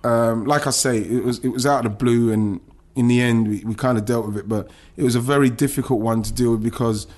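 Husky-voiced man telling a story haltingly. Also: mid-range voice, steady tone, darkish tone. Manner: halting storytelling with many restarts and swearing. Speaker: podcast guest, former footballer. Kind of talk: emotional podcast interview.

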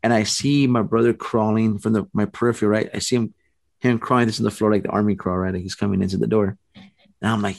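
A middle-aged man casually telling a story, animated and rambling, with restarts and acted-out quotes. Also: on the low side, quick pace, vocal fry, no echo.

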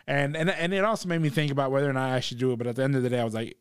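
A man's voice: mid-range voice, very fast, smooth, no room sound. Easygoing young man, dry close sound. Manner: relaxed, agreeable, laughs as he tells stories. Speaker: stand-up comedian guest. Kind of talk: casual conversation.

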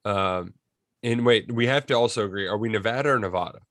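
A man co-hosting a casual college football podcast, talking in animated, excitable bursts. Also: mid-range voice, a little fast, no room sound, studio quality. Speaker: podcast co-host. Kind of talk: casual sports chat.

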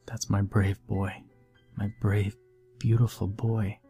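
A man's voice: on the low side, a little slow, warm tone, breathy edge, faint music behind. A man voicing a weary, protective mother of two boys, tender with her sons and fierce toward their father. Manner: tender but fierce, pleading.

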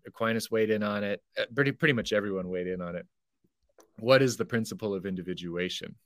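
A man's voice: on the low side, fast, a bit bright, dry recording, clean studio sound. A man on a podcast as a guest, explaining philosophy carefully and correcting himself as he goes.

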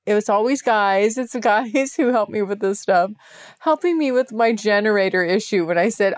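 A chatty woman hosting her podcast solo, speaking frankly and laughing easily. Her voice sits in a middle pitch range. It is recorded close on a mic with a dry sound and no room echo. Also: normal speed. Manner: chatty and candid, with laughs and swearing. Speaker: podcast host. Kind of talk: casual solo podcast monologue.

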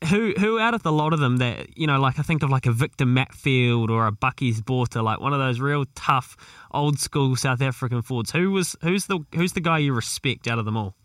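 A man's voice: medium pitch, expressive, a little fast, a bit bright, dry recording, clean studio sound, distant mic. A man hosting a podcast, asking long, rambling, friendly questions. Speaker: podcast host. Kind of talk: casual interview questions.

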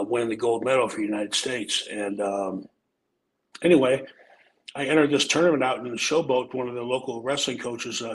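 Here a former wrestler from Omaha, Nebraska, now a middle-aged podcast guest, spins relaxed, profane stories, tacking "man" onto sentences and filling gaps with "um." He speaks in a mid-range, fairly bright voice. The recording is low quality, with slight background noise.

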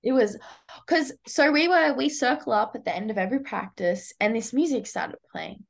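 A young woman with an Australian accent, a college softball pitcher chatting casually and upbeat as a guest in an interview. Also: lively intonation, moderate pace, vocal fry. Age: young adult.

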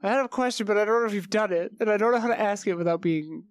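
Animated woman guest chatting, dry sound. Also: mid-range voice, no echo. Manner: animated, laughs often, quick asides. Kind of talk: casual chat.

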